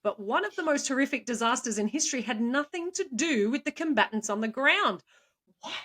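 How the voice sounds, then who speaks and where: A woman's voice: high-pitched, expressive, a bit bright. Giggly woman telling stories. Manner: playful, laughs often, quick asides. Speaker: co-host, storyteller. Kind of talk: casual chat.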